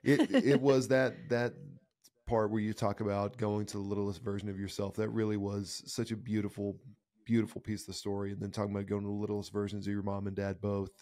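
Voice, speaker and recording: A man hosting a podcast interview, asking thoughtful, halting questions with many restarts. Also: on the low side, little pitch movement, darkish tone. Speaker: podcast host. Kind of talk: interview conversation.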